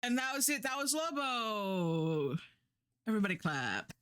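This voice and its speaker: A woman's voice: on the high side, big pitch swings, measured pace, fairly bright tone, clear, resonant tone. A young adult woman livestreaming, chatting casually in a rambling, sarcastic way with frequent laughter. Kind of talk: casual stream chat.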